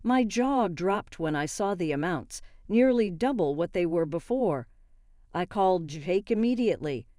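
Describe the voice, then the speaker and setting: A woman narrating a first-person story in a steady, matter-of-fact way. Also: on the low side, measured pace, dry recording, studio quality.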